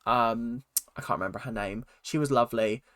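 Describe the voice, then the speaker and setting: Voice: mid-range voice, a little fast, no room sound. Chatty reaction vlogger, dry close mic. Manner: chatty, animated, acts out quotes in silly voices. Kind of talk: casual recap commentary.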